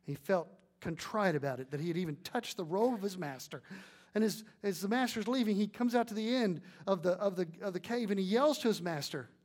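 A man's voice: sits high, expressive, fairly quick, darkish tone. A man preaching a sermon with emphatic delivery and many rhetorical questions, then leading a prayer.

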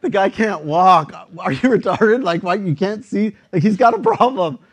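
A man voicing an exasperated young male friend who talks bluntly in slang, his voice high and loud. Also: animated, normal speed, slightly rough.

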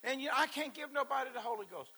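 Fervent high-voiced male preacher. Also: very fast, slightly rough. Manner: shouted, fervent preaching between laid-back joking stories. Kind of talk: sermon with humorous storytelling.

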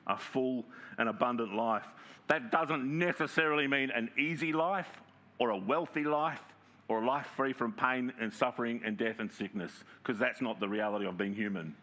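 A man preaching a sermon in a conversational way, often checking in with the congregation and reading scripture aloud slowly with emphasis. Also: medium pitch, sharp tone. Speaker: pastor.

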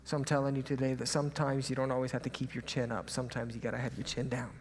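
A young man preaching a sermon as a pastor, telling a personal story in a lively, animated way and sometimes dropping to a hushed aside. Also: mid-range voice, fast talker, slight background noise. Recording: hall reverb, faint ambience.

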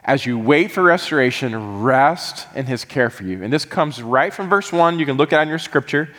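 A man's voice: mid-range voice, expressive, moderate pace, fairly bright tone. Earnest male pastor in a reverberant hall. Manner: earnest, rising into fervent pleading prayer. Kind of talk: sermon.

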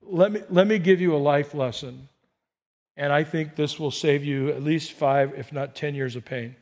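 A man preaching a sermon as pastor, animated, acting out people in quotes and rising to near-shouts. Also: a little high, moderate pace.

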